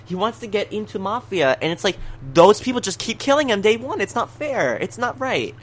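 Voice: medium pitch, very animated, fairly quick. A person in casual chat who rambles, restarts phrases and repeats words.

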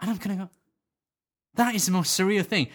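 A man co-hosting a podcast, telling a casual anecdote with animated storytelling and acted-out quotes. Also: high voice, fairly quick. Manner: animated storytelling, laughing at his own story. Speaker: podcast co-host.

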